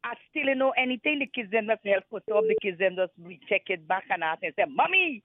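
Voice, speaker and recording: A woman's voice: mid-range voice, lively intonation, fast, no echo. Woman rambling on a tinny phone line. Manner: rambling, loose creole-tinged English. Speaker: caller. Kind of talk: casual call-in chat.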